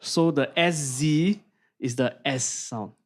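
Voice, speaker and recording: A man's voice: mid-range voice, slow. A man with a Singaporean English accent co-hosting a podcast, explaining things in a casual, hesitant way while he searches for words. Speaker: podcast co-host. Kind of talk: casual chat.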